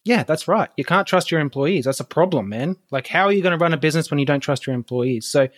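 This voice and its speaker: Animated man, higher voice. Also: fast. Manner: animated, laughs often. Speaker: guest. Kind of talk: casual podcast conversation.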